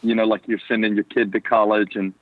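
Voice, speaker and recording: A man's voice: fairly low pitch, flat delivery, fairly quick, dry recording. A man from the American South with a Southern accent, a pastor calling in as a guest, playful and chatty. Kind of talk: casual phone conversation. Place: on a porch. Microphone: phone call. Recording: tinny dry phone line.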